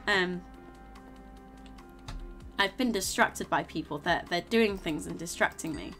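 A tired, low-energy woman streaming a game and chatting casually, rambling and repeating herself as she restarts sentences. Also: a little slow, fairly bright tone, soft background music. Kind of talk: casual gaming stream chat.

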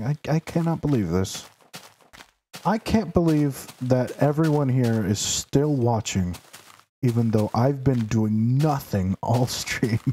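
A young man streaming a game from home, rambling in a playful, unhurried way. His voice is dark and mellow. A faint hiss sits under the recording. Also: mid-range voice. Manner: rambling, playful, talks to game characters in mock outrage. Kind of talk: casual live game stream. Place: home room, sitting in a noisy chair.

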